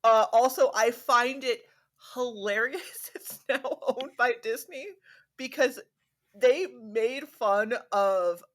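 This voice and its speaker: A woman chats as a guest on a podcast, her voice sitting a little high. She talks loosely, with fillers and little laughs between phrases. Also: a bit bright. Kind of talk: casual chat.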